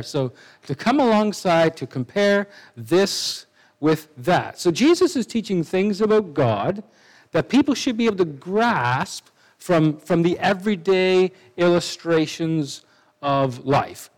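Lively conversational male preacher. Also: fairly high pitch, poor audio. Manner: conversational, with asides and restarts. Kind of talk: sermon.

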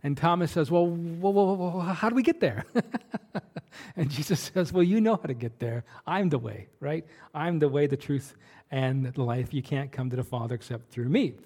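A man's voice: a little high, moderate pace, darkish tone. A man preaching a sermon as a pastor, in a conversational way with many fillers and restarts.

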